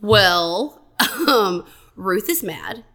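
Bright, animated woman guest. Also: medium pitch, very slow. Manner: enthusiastic, animated storytelling. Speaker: guest streaming expert. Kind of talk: casual chat.

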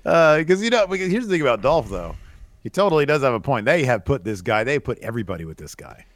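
A man's voice: medium pitch, big pitch swings, fast talker. A male podcast co-host sharing blunt opinions in casual chat, often restarting his sentences.

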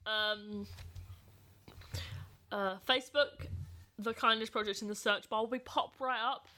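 Woman, podcast co-host, giggly, playful, rambling chat, bright tone, slightly high voice. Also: steady tone, measured pace. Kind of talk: casual chat.

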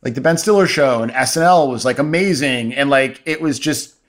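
A man's voice: medium pitch, brisk. A middle-aged man, a comedy writer and podcast guest, chatting casually with lots of fillers. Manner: laid-back, many fillers like "like" and "you know". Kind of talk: casual chat.

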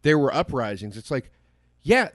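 A man's voice: medium pitch, sing-song, normal speed, no echo, studio quality. A young man co-hosting a podcast who rants in a gloomy, profane way during casual chat. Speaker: podcast co-host.

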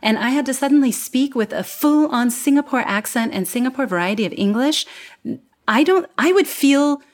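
An American woman in her thirties, an accent coach, explaining in an animated, lively way during an interview. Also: high voice, moderate pace. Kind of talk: interview conversation.

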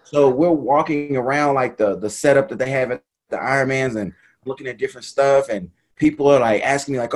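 A man casually telling a story about a race in an animated, laughing way, acting out what people said. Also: mid-range voice, fairly quick. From United States. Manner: animated, laughing retelling with quoted voices.

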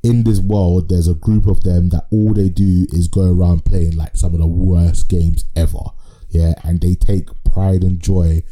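A man's voice: low-pitched, flat delivery, unhurried, warm tone, poor audio. A man co-hosting a podcast, chatting casually about anime in a rambling, sweary, slangy way. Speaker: podcast co-host.

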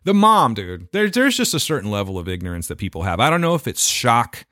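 Podcast co-host, male, lively swooping delivery, swears a lot, dry close sound. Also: medium pitch, brisk, no room sound. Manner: profane, animated retelling with put-on quotes. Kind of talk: casual storytelling chat.

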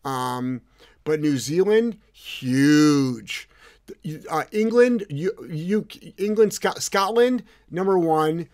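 A man's voice: a little high, expressive, takes it slowly, darkish tone. A middle-aged man co-hosting a podcast as a dog trainer, talking casually in a blunt, rambling way and swearing freely. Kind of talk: casual podcast chat reading comments.

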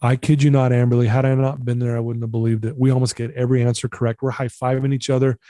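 A middle-aged man recounting a personal story as an interview guest, earnest and animated, acting out the dialogue. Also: medium pitch, quick pace, no room sound, clean studio sound.

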